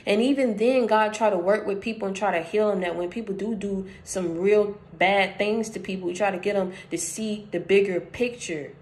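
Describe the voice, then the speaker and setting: A woman with a mid-range, darkish voice hosts her channel and shares a casual spiritual message. She keeps a steady tone at a moderate pace with few pauses, speaking straight to the listener in an emphatic, conversational way and repeating phrases for stress.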